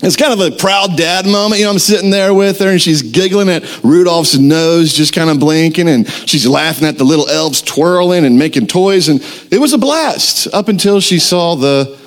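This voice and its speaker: A young man preaching a sermon as pastor, telling a story with lively acted-out quotes. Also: fairly high pitch, moderate pace. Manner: animated storytelling, acts out quotes.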